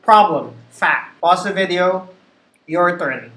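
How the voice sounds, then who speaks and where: Slow, bright-voiced woman trainer. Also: on the low side. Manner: slow, deliberate word-by-word reading. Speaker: call center trainer. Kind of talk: pronunciation drill. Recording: echoey room.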